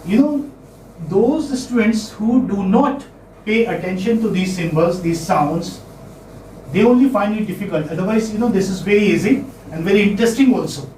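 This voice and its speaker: A man's voice: sits high, moderate pace, a little mellow, slight background noise. A man teaching phonetics to a class, repeating words and asking checking questions. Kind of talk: classroom lecture. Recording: echoey classroom, mic far off.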